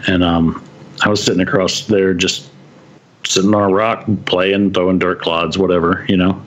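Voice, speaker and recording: A man's voice: low-pitched, flat delivery, moderate pace. A man from West Texas, a podcast guest telling stories in casual chat and chuckling often as he goes. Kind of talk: casual storytelling.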